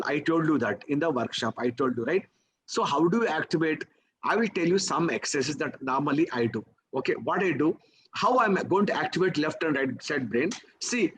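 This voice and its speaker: A man with an Indian English accent leads a live teaching session, his voice sitting noticeably high. He talks the class through exercises with a stream of rhetorical questions, tagging lines with "okay?" and "right?" to keep them with him. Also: slight background noise, rough recording. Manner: coaxing, peppers talk with "okay?" and "right?". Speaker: memory trainer.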